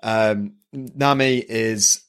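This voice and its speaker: A man's voice: drawn-out words, clean tone. A man hosting a casual podcast chat, recapping a manga animatedly and often laughing. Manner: animated, laughing, acts out characters in higher voices. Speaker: podcast host.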